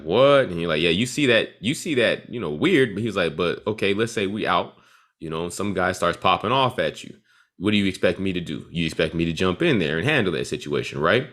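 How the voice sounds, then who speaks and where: A man's voice: low-pitched, fairly bright tone. A man hosting a casual podcast chat, laid back, retelling stories and acting out what people said. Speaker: podcast host.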